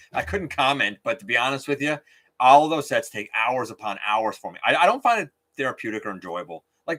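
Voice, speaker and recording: A man's voice: medium pitch, bright, forceful tone. A man hosting a casual live stream, chatting openly and outspokenly while reading out viewer comments.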